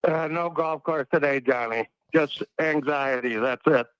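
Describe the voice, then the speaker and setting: A man's voice: fairly high pitch, unhurried, fairly bright tone, smooth, dry recording. An older man calling in to a chat show, rambling and self-deprecating about his anxiety. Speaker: caller. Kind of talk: casual call-in chat. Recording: dull lo-fi call-in line.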